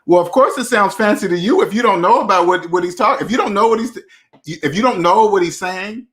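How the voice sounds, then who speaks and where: A man's voice: sits high, brisk, a bit bright. A man hosting a personal finance channel, speaking in a blunt, slangy, preachy way and repeating his key phrases for emphasis. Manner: blunt, slangy street talk. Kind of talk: casual monologue to camera.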